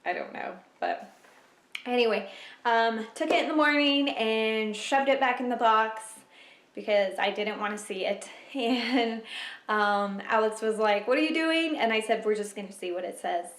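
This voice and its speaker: A young woman vlogger chatting casually to camera at home, emotional and quick to laugh. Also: fairly high pitch. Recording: echoey room.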